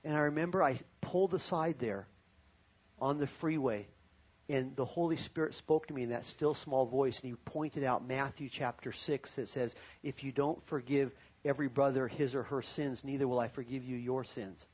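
A man's voice: medium pitch, normal speed, darkish tone, slightly rough, highs cut off. A pastor preaching a sermon to his congregation, telling a personal story and then rising to fervent preaching.

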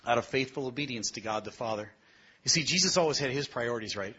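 Emphatic, husky-voiced male preacher. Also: fast talker. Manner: rises to emphatic peaks, then drops low and quiet; asks the congregation direct questions. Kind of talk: sermon. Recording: dull lo-fi sermon recording.

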